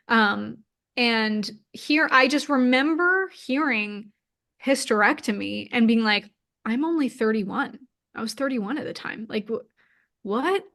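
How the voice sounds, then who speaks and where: Her voice runs high, pushed and bright, as this woman in her thirties, a guest being interviewed, shares a personal story with emotional openness and many "like" fillers.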